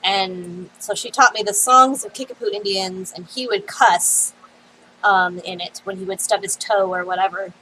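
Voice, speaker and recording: American lady streaming a game, bright voice, casual storytelling, lots of ums, faint hum behind. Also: medium pitch, fairly even intonation, rough recording. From United States. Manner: chatty storyteller, many "um" pauses.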